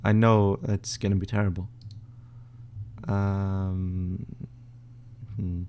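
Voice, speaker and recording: A young man from northern Sweden with a Swedish accent, casually reading out and answering chat questions on a live stream, with many fillers and pauses. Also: low voice, flat delivery, a little mellow, clear, resonant tone. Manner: laid-back, reads chat questions aloud, hesitant with fillers.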